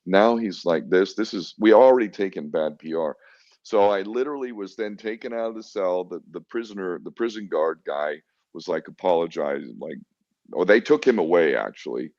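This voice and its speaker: Middle-aged man, podcast guest, low and gruff, swearing freely, lo-fi and dry. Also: moderate pace, darkish tone, no echo. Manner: blunt, profane, defiant, acts out quoted exchanges. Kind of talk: candid storytelling interview. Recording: dull lo-fi dry sound.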